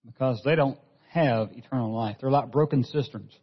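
A man's voice: medium pitch, moderate pace, husky. A man preaching a sermon as pastor, earnest, often repeating a word as he restarts a phrase. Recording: dull lo-fi sound with long hall reverb.

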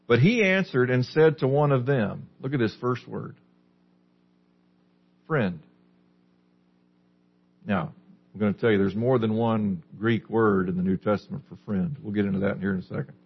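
A man delivers a sermon in a low, husky voice, putting questions to his listeners and then answering them. The recording is dull and lo-fi. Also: fairly quick. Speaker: pastor.

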